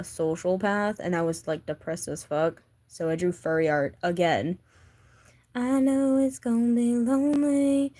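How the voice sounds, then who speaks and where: A woman's voice: lowish voice, mellow. A woman vlogger chatting casually about her sketchbook, rambling with many fillers and gushing like a fan. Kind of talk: casual chat.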